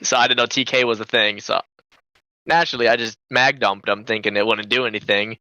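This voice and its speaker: Bright, crisp-voiced joking man. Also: lowish voice, a little fast, no echo, low-quality recording. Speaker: esports team co-owner, podcast host. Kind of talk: casual podcast banter.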